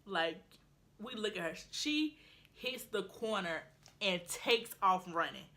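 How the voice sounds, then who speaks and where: A young woman, telling a storytime in a casual vlog, animated and acting out what her friends said. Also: mid-range voice, slow. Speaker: vlogger.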